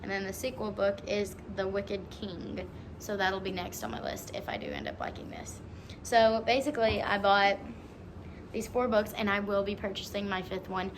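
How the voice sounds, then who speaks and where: A woman's voice: medium pitch, very animated, moderate pace, noisy background. A young woman in her twenties vlogging in a chatty, giggly way, with lots of "like" and "um". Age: 20s. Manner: chatty and giggly, many fillers like "like" and "um". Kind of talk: casual vlog chat.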